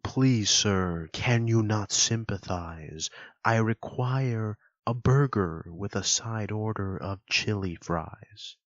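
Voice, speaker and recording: A man voicing a pompous fast-food customer who pleads in slow, formal, theatrical speech, recorded dull and dry. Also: on the low side, dry recording. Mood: pleading.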